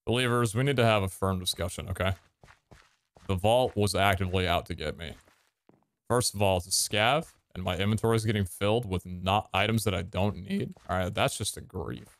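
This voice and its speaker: A man giving casual gameplay commentary, excitable and swearing, with sudden loud outbursts and a voice that cracks. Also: low voice, brisk. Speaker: gaming streamer.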